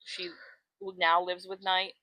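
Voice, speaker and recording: A bright-voiced woman chats casually on a podcast, retelling a story and slipping into the characters' lines. The recording is dry and close. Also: lowish voice, slow pace, creaky, no room sound, rough recording. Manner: animated storyteller, acts out quotes, swears freely. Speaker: podcast co-host. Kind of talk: casual chat retelling a book plot.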